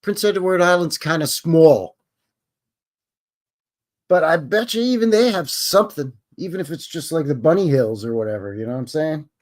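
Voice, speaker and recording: A man's voice: on the high side, expressive, moderate pace. A man with a Canadian accent hosting a live stream, chatting casually in a joking, rambling way full of folksy slang. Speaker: host.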